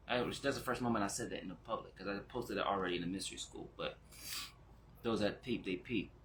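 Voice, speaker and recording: Bright-voiced excitable male spiritual teacher. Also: a little hiss or hum. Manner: excitable, laughing, jumps into high exclamations; slows down and goes quiet when reflective. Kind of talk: casual spiritual vlog talk.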